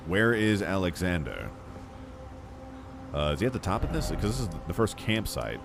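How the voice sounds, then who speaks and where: A man's voice: low voice, very animated, moderate pace, creaky, long pauses, background noise. A man streaming a video game, chatting casually in a jokey, rambling way and muttering to himself as he plays. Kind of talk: casual gameplay commentary.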